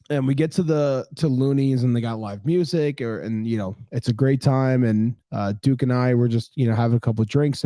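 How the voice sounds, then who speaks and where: Animated storytelling man, mellow voice. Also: medium pitch, dry recording, clean studio sound. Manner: animated storyteller, acts out quotes, swears casually. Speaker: podcast co-host. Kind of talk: casual storytelling chat.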